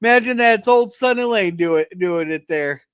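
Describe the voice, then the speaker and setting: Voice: medium pitch, normal speed, smooth, dry recording. A co-host of a casual live-stream chat who jokes crudely, swears freely and reads viewer comments aloud.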